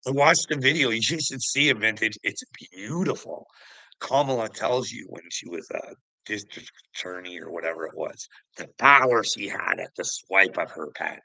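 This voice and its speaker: Guy, low gravelly edge, bright and forceful, ranting with curses. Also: normal speed, no echo, poor audio. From Canada. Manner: angry, swearing, laughing scornfully. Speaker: vlogger. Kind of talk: profane ranting commentary.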